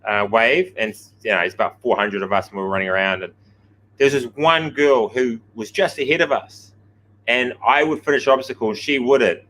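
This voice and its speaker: A man's voice: mid-range voice, fairly quick, a bit bright, poor audio. A man, co-hosting a casual gym chat show, blunt and swearing, telling stories with a self-mocking edge. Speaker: podcast co-host, gym coach.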